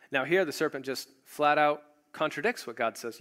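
A man's voice: mid-range voice, expressive, fairly quick, hardly any pauses, fairly bright tone. A man preaching a sermon, retelling a story and acting out the quoted voices. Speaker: pastor.

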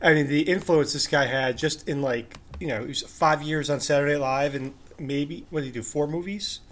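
Male podcast host, a bit higher voice, relaxed, tosses out questions. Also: normal speed. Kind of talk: casual chat.

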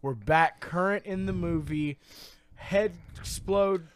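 A man's voice: high-pitched, takes it slowly, dry recording. A man co-hosting a comedy podcast, chiming in with jokes and sound effects during a casual movie recap. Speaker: podcast co-host.

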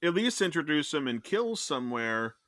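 A man co-hosting a casual film discussion, talking in an animated, ranting way and swearing freely. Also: fairly high pitch, normal speed, dry recording, studio quality. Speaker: podcast co-host.

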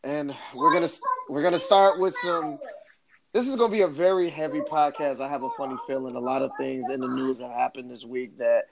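A man in his thirties hosts a casual podcast. His voice is gravelly and sits at a middle pitch. He rambles and hesitates, with plenty of filler words. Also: fairly quick, crowd noise. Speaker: podcast host.

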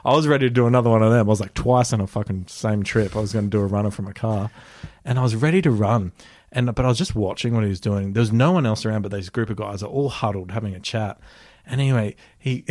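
A young Australian man telling a story in casual chat, animated, swearing often and laughing as he talks. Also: medium pitch, no echo, studio quality.

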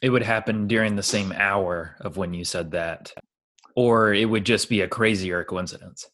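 A man's voice: on the low side, normal speed, fairly bright tone, slight background noise. Playful, teasing man in podcast banter. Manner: playful, teasing, laughs often. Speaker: podcast co-host. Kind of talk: casual chat.

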